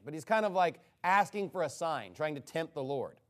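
Man, preacher, sermon, high voice, animated pitch, sarcastic, incredulous. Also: fairly quick, few pauses. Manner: mocking, incredulous storytelling with sarcastic asides.

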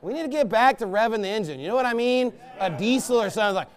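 A man, a pastor, delivering a sermon in a blunt, emphatic and scornful way, with loud bursts. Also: sits high, lively intonation, fast talker, background noise.

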